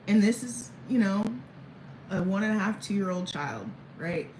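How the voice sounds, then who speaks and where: A woman's voice: medium pitch, lively intonation, unhurried, darkish tone, a little hiss or hum. A woman in her thirties rambling candidly to camera in a casual personal vlog, chuckling between thoughts. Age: 30s. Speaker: vlogger. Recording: echoey room, faint background ambience.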